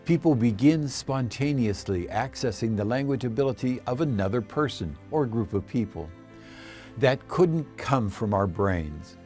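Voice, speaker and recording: A man narrating a scripted explainer in a measured, assertive way. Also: mid-range voice, lively intonation, a little mellow, soft background music.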